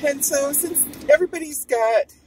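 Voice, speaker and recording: A woman's voice: high-pitched, normal speed, far from the mic, poor audio. A woman from Hawaii with a Hawaiian Pidgin-tinged accent, chatting casually and meandering through stories as a vlog host in a car. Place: in a car with air conditioning. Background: car air conditioning and traffic.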